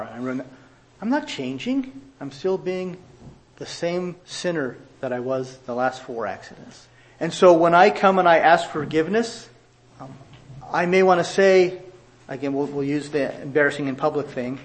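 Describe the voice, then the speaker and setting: A middle-aged man preaching a sermon as pastor, animated, acting out quoted excuses in a raised voice. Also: medium pitch.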